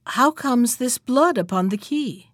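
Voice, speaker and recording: A cruel nobleman from a storybook, cold and commanding, as a woman reads him aloud. His lines come clipped and dry, with a fairly high voice and no room around it. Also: lively intonation, a little slow, no echo. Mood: stern. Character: cruel stern nobleman, menacing husband.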